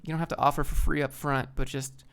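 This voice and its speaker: A man's voice: mid-range voice, little pitch movement, fast talker, gravelly, fairly bright tone, clean tone. A man on a live stream, casually reading chat and giving laid-back, rambling career advice. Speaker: streamer answering viewer chat.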